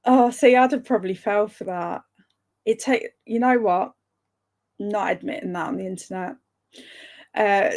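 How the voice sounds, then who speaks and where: A woman's voice: mid-range voice, lively intonation, unhurried. A young woman hosting a live stream, chatting casually, laughing often and answering viewer comments. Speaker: livestream host.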